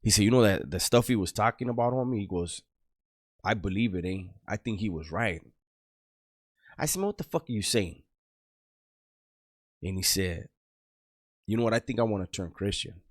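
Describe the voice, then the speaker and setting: A man's voice: fairly low pitch, moderate pace, pauses often, dry recording, studio quality. A middle-aged man telling a story from his past in a casual, rambling way, heavy on street slang and swearing.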